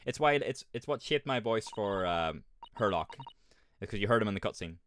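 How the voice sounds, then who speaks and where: A man's voice: fairly low pitch, lively intonation, normal speed, a bit bright, slight background noise. A man with an Irish accent, streaming a game and chatting casually, rambling, swearing often and laughing at himself. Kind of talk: casual gaming chat.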